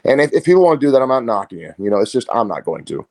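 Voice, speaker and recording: A man's voice: medium pitch, very fast. A man, a martial arts coach, talking casually as an interview guest and telling stories with quoted voices. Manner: storytelling, animated with quoted voices.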